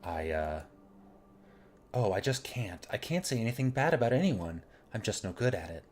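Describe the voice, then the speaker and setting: A man voicing a sweet, timid young woman who talks gently and apologetically while reading game dialogue. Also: lowish voice, big pitch swings, moderate pace, faint music behind.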